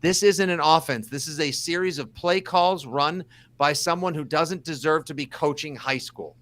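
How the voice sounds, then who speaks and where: A man's voice: fairly high pitch, normal speed. A man with a Boston accent co-hosting a casual sports podcast, sarcastic and theatrical. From South Shore of Boston. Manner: animated, sarcastic, theatrical outbursts. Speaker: podcast co-host.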